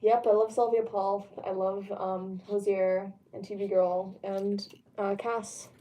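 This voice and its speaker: A woman's voice: mid-range voice, flat delivery, takes it slowly, mellow. A young woman chatting casually on a home stream, answering chat in a rambling way with lots of fillers. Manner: rambling, lots of ums, laughs easily. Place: home room.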